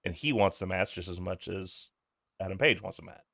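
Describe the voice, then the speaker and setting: A podcast co-host with a deep, gravelly voice, pushed and bright and a little fast, chats laid-back through a wrestling recap and quotes lines from the show. The recording is dry and studio quality.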